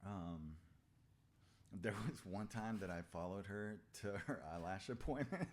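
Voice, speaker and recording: Very deep-voiced man telling his story. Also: animated, a little mellow. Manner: confessional, halting, swears freely. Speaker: podcast guest. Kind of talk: candid conversational storytelling.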